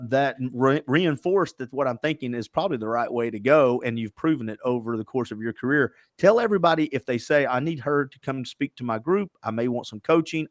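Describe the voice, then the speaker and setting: A man's voice: mid-range voice, dry recording. Middle-aged man, podcast host, casual storyteller, lots of fillers, dry sound. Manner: chatty storyteller with many fillers. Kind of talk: casual interview chat.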